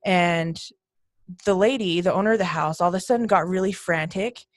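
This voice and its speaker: A woman's voice: lowish voice, moderate pace, dry recording, studio quality. A woman guest on a podcast, telling her ghost hunting stories casually and acting out the voices in them.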